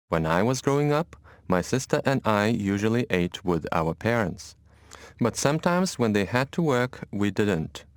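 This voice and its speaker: A man calmly telling a scripted story about his family, for a listening exercise. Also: on the low side, no echo, studio quality. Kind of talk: scripted personal monologue.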